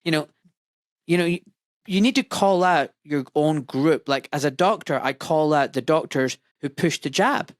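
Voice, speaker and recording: Scottish-born guy hosting a podcast, blunt and animated, lots of asides, dry close sound. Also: a little high, normal speed, no echo. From Scotland. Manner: animated, blunt, full of asides and quoted voices. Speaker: podcast host, doctor. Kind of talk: casual opinionated podcast talk.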